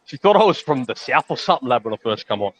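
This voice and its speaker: A man's voice: medium pitch, sing-song, very fast, poor audio. A British man on a livestream panel, chatting casually, stumbling over his words and laughing at his own stories.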